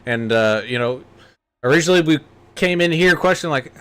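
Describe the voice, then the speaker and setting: A man's voice: on the high side, normal speed, fairly bright tone. A man hosting a sim racing broadcast, leading post-race interviews with upbeat broadcaster patter. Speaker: play-by-play host.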